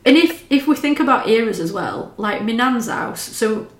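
A woman's voice: fairly high pitch, expressive, moderate pace, roomy sound, a little hiss or hum. A woman, chatting casually as a podcast co-host, swearing and laughing as she talks. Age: 30s. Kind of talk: casual chat.

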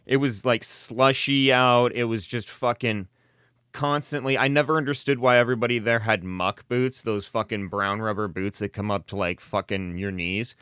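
A man's voice: medium pitch, moderate pace, fairly bright tone, clean tone, no room sound, clean studio sound. A man hosting a solo podcast, rambling casually with constant swearing, self-deprecating jokes and sardonic asides. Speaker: podcast host.

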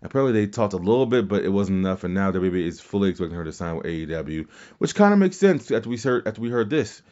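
Excited man with a dull lo-fi sound. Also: lowish voice, quick pace. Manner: excited, profane, rambling with restarts. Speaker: podcast host. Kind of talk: casual wrestling recap podcast.

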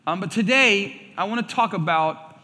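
High, bright-voiced male pastor preaching. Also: moderate pace. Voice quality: animated storyteller, acts out quoted voices. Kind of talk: sermon. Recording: reverberant hall sound.

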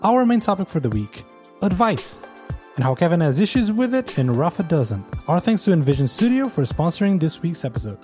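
A man's voice: a little high, sing-song, brisk, darkish tone, faint music behind. A man hosting a weekly podcast, chatting casually with a co-host, laughing often and restarting his sentences.

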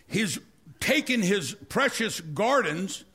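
A man preaching, telling a story with animated energy and acting out the scenes. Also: high voice, slow, slightly rough. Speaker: pastor. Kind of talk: storytelling sermon.

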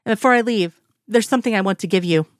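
A woman reading the lines of a middle-aged male federal agent in a dry, gently teasing way. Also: medium pitch, fast, no room sound, close to an everyday voice. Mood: calm.

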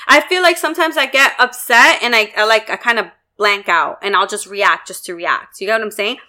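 Bright-voiced woman telling a story. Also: on the high side, a little fast, hardly any pauses. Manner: swearing, animated retelling with acted quotes. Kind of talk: casual storytelling chat.

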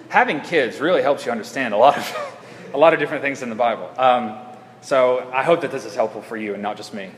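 A man's voice: medium pitch, a bit bright, a little hiss or hum. A man preaching a sermon in a church, talking conversationally with frequent restarts. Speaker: pastor. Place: church sanctuary. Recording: echoey church hall.

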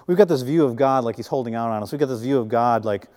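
A man preaching a sermon, telling a personal story with animated swings from hushed asides to excited bursts. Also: medium pitch, fast, in a large hall. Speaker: pastor.

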